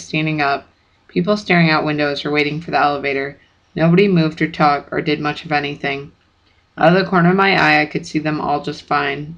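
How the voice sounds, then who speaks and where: Brief: steady first-person audiobook narrator, gravelly tone, lo-fi recording. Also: medium pitch.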